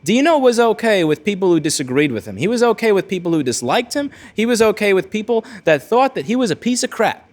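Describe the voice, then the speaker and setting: A man hosting his own video, telling a rambling, blunt story with frequent restarts. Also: high voice. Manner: rambling, self-correcting, blunt. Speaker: repair-shop video host. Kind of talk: casual storytelling monologue.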